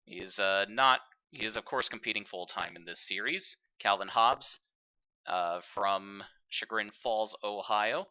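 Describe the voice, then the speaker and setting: A man hosting and commentating a virtual racing broadcast in an upbeat, broadcast-style delivery with filler pauses. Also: fairly low pitch, bright, forceful tone. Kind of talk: play-by-play commentary.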